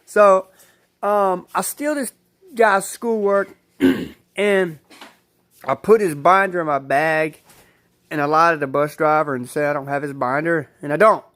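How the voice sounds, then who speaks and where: A man's voice: on the high side, a little slow, pauses often, a bit bright. Rambling man telling a story, swearing. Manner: rambling, repeats himself, swears freely. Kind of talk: casual personal storytelling.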